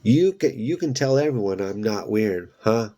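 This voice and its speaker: A man's voice: lowish voice, expressive, normal speed, a little mellow. A man reading aloud and voicing a grumpy, put-upon boy from a storybook in a sulky, slightly raised voice.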